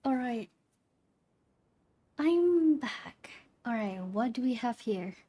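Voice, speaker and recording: Slow, giggly woman streamer. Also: on the high side, lively intonation, mellow. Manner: giggly, stammering restarts. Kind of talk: casual gameplay commentary.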